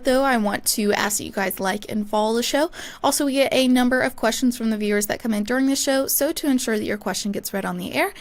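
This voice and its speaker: A young woman co-hosting a sports podcast, reading the opening and then chatting lightly with the host. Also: on the high side. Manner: upbeat, reads intro smoothly then chats lightly. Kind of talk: casual chat.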